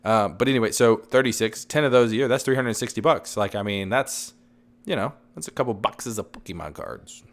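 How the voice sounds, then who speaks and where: A man in his thirties co-hosting a casual podcast, rambling and loud, his voice fading in and out. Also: lowish voice, brisk. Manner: rambling, loud, says he is yelling and redlining. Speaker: podcast co-host. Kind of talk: casual chat.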